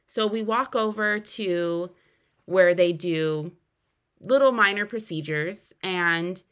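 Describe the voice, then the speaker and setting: Young woman podcaster, lowish voice, earnest personal story, gets loud and high when it counts. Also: takes it slowly, clean tone. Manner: earnest, emphatic storytelling with sudden rises in pitch and loudness. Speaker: podcast host telling her own story.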